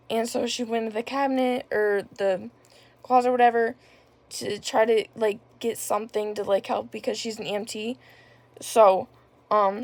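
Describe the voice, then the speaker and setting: Young woman with vocal fry. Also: fairly high pitch, a little mellow. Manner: rambling, many filler words. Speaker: vlogger. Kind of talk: casual personal storytelling.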